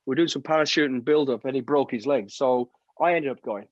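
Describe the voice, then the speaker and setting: A man's voice: medium pitch, a little fast, no room sound. A man telling army stories on a video call through earbuds, acting out the voices in his anecdotes with casual swearing. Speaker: guest, ex-soldier. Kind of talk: storytelling interview on a video call. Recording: dull, dry video-call audio.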